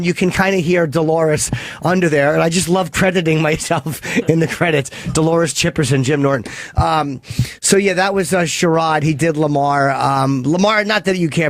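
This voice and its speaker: Recorded dry and at studio quality on a studio microphone, this man's voice sits fairly high. He hosts a radio show taking calls, rambling crudely and interrupting himself again and again.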